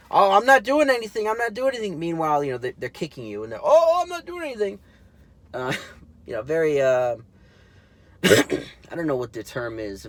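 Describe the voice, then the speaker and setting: A man with a somewhat high voice hosts his own commentary show and rambles through it. He fills his sentences with ums and uhs, restarts them, and sounds indignant and mocking. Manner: rambling, full of fillers and restarts. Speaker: political commentary show host. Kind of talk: casual solo commentary.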